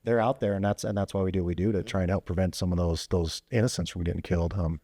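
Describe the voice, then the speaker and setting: A man who is a former police officer, telling stories as a podcast guest in a quick, animated way full of fillers and restarts. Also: low voice, no echo, studio quality. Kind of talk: casual storytelling interview. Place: podcast studio.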